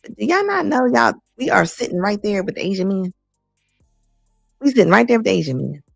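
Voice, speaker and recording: Blunt gravelly woman commentator. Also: mid-range voice, sing-song, fairly quick, no room sound, studio quality, soft background music. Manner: blunt, emphatic, repeats lines for effect. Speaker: commentary host. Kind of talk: casual reaction commentary.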